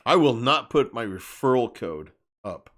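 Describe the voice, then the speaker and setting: A man's voice: mid-range voice, lively intonation, unhurried, a bit bright. A man talking straight to his live-stream viewers in a loose, unscripted rant. He is blunt and emphatic and circles back to repeat his points. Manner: blunt, emphatic, repeats himself while ranting.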